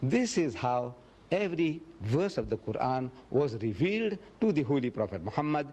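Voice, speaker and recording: A man giving a public religious lecture, acting out quoted speech dramatically and slowing down to stress key phrases. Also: sing-song, a little mellow. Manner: dramatic, acts out quoted speech with big pitch swings.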